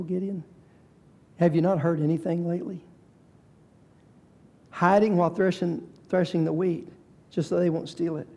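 A male preacher with a high but mellow voice delivers a sermon. He tells the story dramatically. He slows down and drops to near whispers for emphasis. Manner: dramatic storytelling, varies pace and volume.

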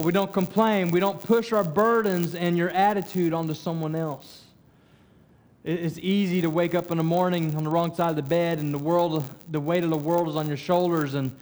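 A man's voice: on the high side, darkish tone. A middle-aged man preaching a sermon as pastor, conversational with frequent stammered restarts.

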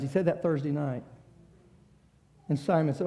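A man preaching a sermon, swinging between shouted climaxes and hushed passages. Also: a little high, steady tone, moderate pace, pauses often.

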